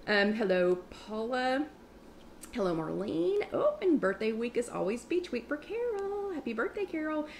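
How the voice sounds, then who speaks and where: A woman with a Southern US accent hosting a live online chat, talking fast and chatty with quick asides as she greets viewers. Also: fairly high pitch, very animated, a little hiss or hum.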